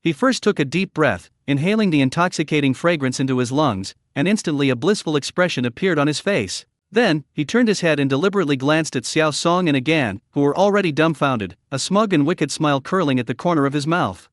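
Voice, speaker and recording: Male narrator for a story recap, animated and a bit high, dry voice-over. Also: a little fast, few pauses, dry recording.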